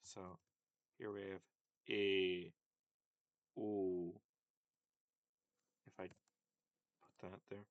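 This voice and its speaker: A man's voice: on the low side, level tone, takes it slowly, pauses often, no room sound, lo-fi sound. A man giving a casual linguistics lesson, hesitant and full of fillers and self-corrections. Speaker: language teacher.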